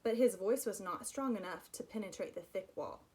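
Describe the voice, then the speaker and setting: A woman reading a children's chapter book aloud, expressive and clear. Her voice sits at an ordinary middle pitch, and she now and then adds her own asides. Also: normal speed. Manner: expressive storytelling, personal asides. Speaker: reader.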